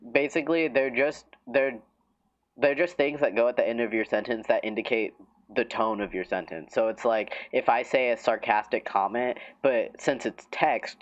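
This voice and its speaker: Rambling young man, muffled stream audio. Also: medium pitch. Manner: rambling, many fillers and restarts, chuckles at himself. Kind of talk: casual livestream chat.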